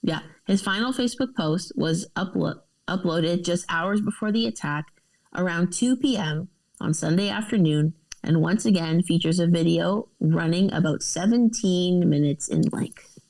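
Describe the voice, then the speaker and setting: A woman with a low, gravelly voice co-hosts a casual podcast. She reads news articles aloud and breaks in with her own offhand remarks. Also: moderate pace, a little mellow, low-quality recording.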